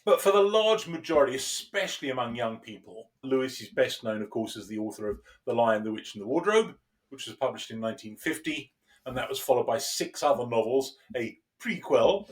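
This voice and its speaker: A man in conversational discussion as a podcast co-host and lecturer, talking in an animated way, chuckling often and restarting his phrases. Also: medium pitch, fairly quick, far from the mic.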